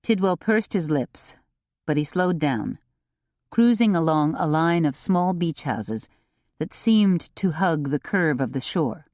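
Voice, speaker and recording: A woman narrating a cozy mystery audiobook in an expressive, unhurried reading. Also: sits low, dry recording, studio quality. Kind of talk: scripted narration.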